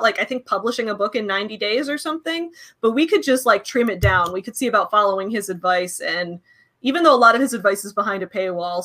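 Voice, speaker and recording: A young woman co-hosting a casual podcast, chatty and quick to laugh, with lots of fillers. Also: mid-range voice, pushed and bright. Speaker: co-host.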